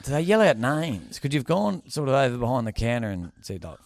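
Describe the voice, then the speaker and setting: An Australian comedian co-hosting a casual podcast, ribbing his friend with quick comebacks. His pitch leaps and swoops far more than most. The sound is close and dry. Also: big pitch swings, vocal fry, no echo. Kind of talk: casual chat.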